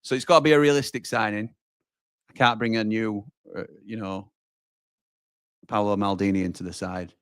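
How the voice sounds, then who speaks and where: A man with a fairly low pitch and steady tone hosts a live football watch-along at normal speed with long pauses, his clean tone recorded with no echo and clean studio sound. He reacts to the match, loudly at chances, chatting and reading viewers' comments while calling them pal and mate.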